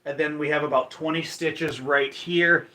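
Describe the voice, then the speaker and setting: A man's voice: fairly high pitch, fairly even intonation, moderate pace, bright, forceful tone. A man from Michigan hosting a casual livestream, chatting and welcoming viewers by name. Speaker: livestream host. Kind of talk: casual livestream chat, reading viewer comments.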